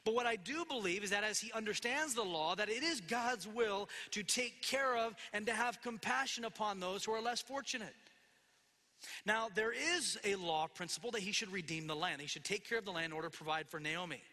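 A man's voice: high-pitched, fairly quick, bright, forceful tone. A man preaching a sermon, explaining scripture verse by verse with asides and quoted lines. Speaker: pastor. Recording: long hall reverb.

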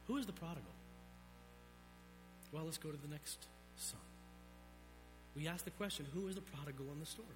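A man preaching a sermon, swinging between loud emphatic peaks and low, quiet drops. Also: a little fast, pauses often, music in the background. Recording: long reverb of a large hall.

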